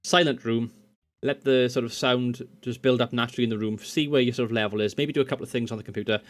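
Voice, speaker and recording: A man's voice: medium pitch, steady tone, quick pace. A man casually walking through audio settings in a screen-recorded tutorial at his home computer desk, rambling and correcting himself as he goes, into a USB condenser microphone. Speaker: tech tutorial host.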